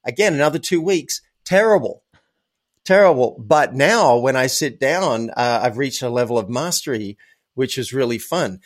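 As a podcast guest, a man tells personal stories in a casual interview, speaking emphatically and conversationally and repeating words for stress. His voice is mid-range at a moderate pace.

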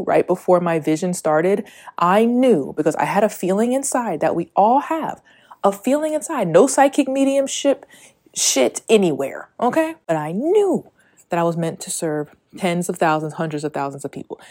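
Breathless, low-voiced woman podcaster. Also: a little mellow. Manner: rambling, candid, swears freely, laughs often. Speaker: podcast host. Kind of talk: casual solo podcast monologue.

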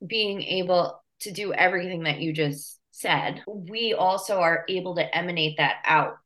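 Woman podcast host, lower pitch; reflective, chatty, checks in with her guest. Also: moderate pace, fairly bright tone. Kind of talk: casual conversation.

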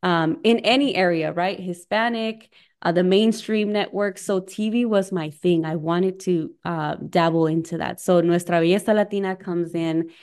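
A young woman hosts a friendly webinar over a video call, chatty and open, dropping in bits of Spanish as she talks. Her voice sits a little low and comes through smooth and clear. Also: moderate pace. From United States, Mexican family. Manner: warm, chatty, mixes in Spanish phrases. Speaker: coach and workshop host. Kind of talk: conversational webinar talk.

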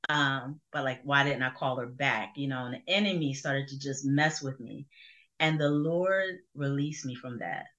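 Middle-aged woman from New Jersey, deep bright voice, earnest reflective testimony, lo-fi sound. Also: normal speed. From Burlington, New Jersey. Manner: earnest, reflective, with many fillers. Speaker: guest. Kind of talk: personal testimony in conversation. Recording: dull lo-fi sound.

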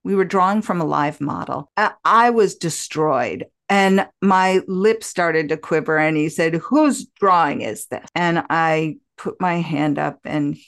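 An older woman in her sixties hosts a podcast conversation and tells her stories with lively expression. Her voice sits fairly low for a woman. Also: a little slow, vocal fry, few pauses. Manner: animated, expressive storyteller. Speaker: podcast host. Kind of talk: conversational storytelling interview.

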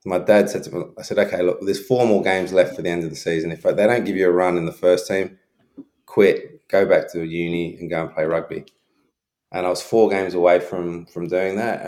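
A man's voice: low voice, darkish tone. A middle-aged man, an interview guest, telling frank personal stories in a loose way with fillers and restarts. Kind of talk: reflective storytelling.

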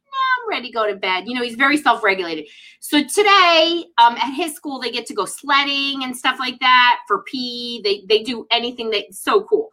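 A middle-aged woman in lively casual conversation, often adding "right?" and "you know". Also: fairly high pitch, normal speed, low-quality recording. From United States. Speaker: guest speaker on parenting and mental health.

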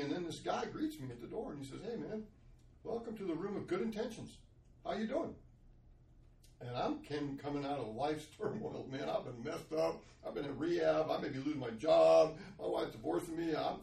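A man's voice: a little high, a little mellow. Earnest man, roomy distant sound. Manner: earnest and confessional, with frequent restarts. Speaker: guest sharing his testimony. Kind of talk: candid storytelling.

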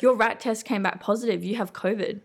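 A young woman with a mid-pitched voice retells a hospital visit in casual chat. She quotes the people involved as she goes. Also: a little fast, vocal fry. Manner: lively retelling with quoted dialogue. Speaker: podcast co-host.

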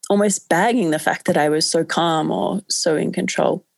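Brief: woman guest, candid storyteller, low-ish gravelly voice, dry close sound. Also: normal speed, dry recording. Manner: candid, chatty, many fillers. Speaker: podcast guest. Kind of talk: casual storytelling.

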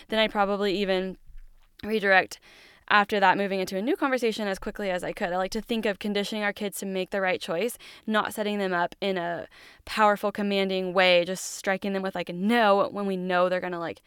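A woman's voice: mid-range voice, steady tone, fairly quick, a bit bright, clear, resonant tone, no echo, clean studio sound. A woman in her thirties hosting a podcast, giving casual, earnest, encouraging advice in a chatty way with lots of "like". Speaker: podcast host. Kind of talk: casual parenting advice monologue.

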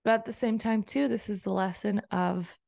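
A woman's voice: mid-range voice, fairly even intonation, moderate pace, creaky, a little mellow, no room sound, clean studio sound. A woman coach talking casually on her own podcast, rambling and repeating phrases as she quotes her own self-talk. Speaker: personal development coach and podcaster. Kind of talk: casual solo podcast monologue.

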